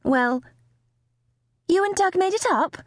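Fretful middle-aged mum, played by a woman narrator, bewildered questions, lively pitch swings, dry audiobook sound. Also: moderate pace, no room sound. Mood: anxious.

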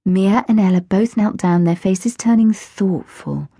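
A woman tells a children's story in a gentle, expressive way, with a slightly breathy, middle-pitched voice. She is recorded close on a studio microphone, and the sound is dry. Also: a little slow, dry recording. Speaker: audiobook narrator. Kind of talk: scripted narration for children.

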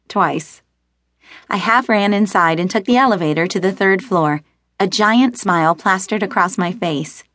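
A woman's voice: medium pitch, no room sound, clean studio sound. A woman narrating a first-person romance audiobook, lightly shifting her voice for characters. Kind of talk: scripted narration.

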